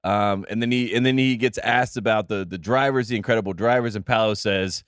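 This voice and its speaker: A man's voice: on the low side, moderate pace, no echo, studio quality. A young man co-hosting a podcast, telling stories in a casual chat and laughing often. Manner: animated storyteller, laughs often. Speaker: podcast co-host.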